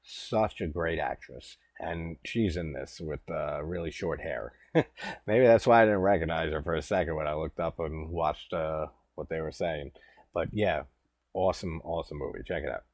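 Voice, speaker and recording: A man's voice: a bass voice, moderate pace, a little mellow, no echo. A man in his thirties giving rambling, laid-back casual commentary as a host, swearing now and then. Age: 30s.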